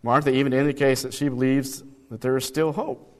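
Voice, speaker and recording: Male Bible study teacher, mid-pitched, conversational and questioning, recorded with long reverb. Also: fairly even intonation, fairly quick, darkish tone. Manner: conversational, asks rhetorical questions, reads passages aloud.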